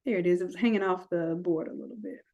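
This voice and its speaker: A woman walking through a software design tutorial, chatty, with folksy asides. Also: on the low side, quick pace, lo-fi sound. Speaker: design instructor. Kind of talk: screen-recorded software tutorial.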